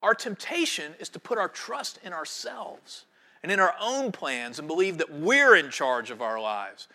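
A male pastor preaching a sermon, animated, sometimes dropping to a soft near-whisper for emphasis. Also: a little high, measured pace.

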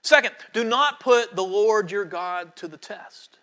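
A male pastor preaching a sermon, animated, sometimes dropping to a soft near-whisper for emphasis. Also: high-pitched, measured pace.

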